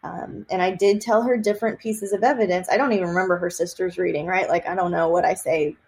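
A woman from Texas, a psychic medium, chatting in an interview and telling lively stories with many fillers and laughs. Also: on the low side, fast. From Austin, Texas. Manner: animated storyteller, laughs often, many fillers. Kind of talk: casual interview chat.

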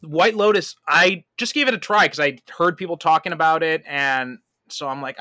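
A man who is a podcast guest, chatting casually as an animated storyteller who laughs often. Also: on the high side, brisk, dry recording. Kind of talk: casual chat.

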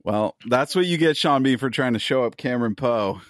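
A man from New England co-hosting a podcast, chatting in a relaxed, joking way and laughing easily. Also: mid-range voice, a little fast, no room sound, clean studio sound. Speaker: podcast co-host. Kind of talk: casual chat.

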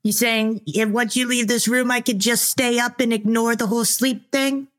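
A woman's voice: a little high, steady tone, moderate pace, lightly acted. A woman improvising a stubborn daughter who bargains about bedtime. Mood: bargaining. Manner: bargaining, matter-of-fact.

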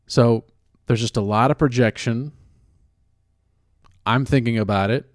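Unhurried and medium-pitched, a man rants casually, bluntly, and with plenty of profanity, now and then pausing to second-guess himself. The recording is clean studio audio with no echo.

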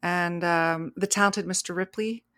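A chatty woman co-hosts a podcast, telling stories with lots of laughter and quick restarts. The sound is dry and close, with little room around her. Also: on the low side, no echo. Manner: animated storyteller, laughs often, restarts sentences. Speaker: podcast co-host. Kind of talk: casual chat.

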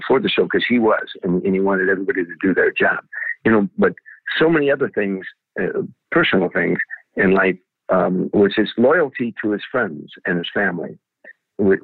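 Older guy spinning old showbiz stories, husky low voice, phone-thin sound. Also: no room sound. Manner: anecdotal, many restarts and "you know"s. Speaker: guest comedian. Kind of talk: storytelling interview. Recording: phone-like, dry.

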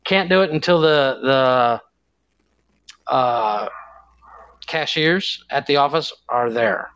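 A man's voice: medium pitch, slow, a bit bright, clean tone, no echo, highs cut off. A man co-hosting a podcast in casual chat, rambling with many restarts and searching for words. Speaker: podcast co-host.

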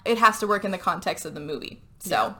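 A woman hosting a podcast, recapping a movie in casual chat, telling it with animated energy, acting out the lines and swearing freely. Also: lowish voice, quick pace. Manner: animated storytelling, acting out quotes with frequent swearing and fillers. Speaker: podcast host.

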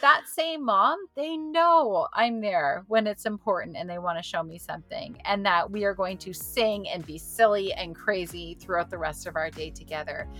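A woman co-hosting a podcast in casual chat, talking in an animated way and acting out quotes in a loud voice. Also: medium pitch, normal speed, hardly any pauses, soft background music. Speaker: podcast co-host.

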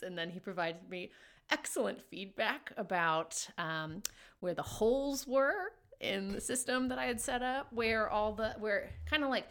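A woman co-hosts a podcast in casual chat. She is soft-spoken and rambling, and she often restarts her sentences. Her pitch sits in the middle for a woman. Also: unhurried. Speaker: podcast co-host.

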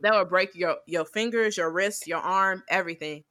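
With a lowish, pushed and bright voice at a moderate pace, this podcast co-host chats casually about anime. She animatedly recounts scenes, rambling and leaning on fillers.

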